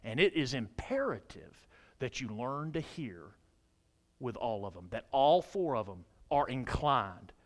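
Speaking a little slowly, a male pastor delivers a sermon to the congregation in his church. His animated manner swings between emphatic highs and low moments, with questions regularly aimed at those listening.

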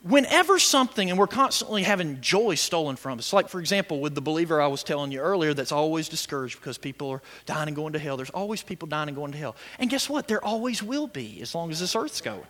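Guy preaching a sermon, high bright voice, gets loud and shouty, stumbles and restarts a lot. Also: fast, hardly any pauses. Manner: animated preaching, rising to shouts, with laughs and stammered restarts. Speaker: pastor.

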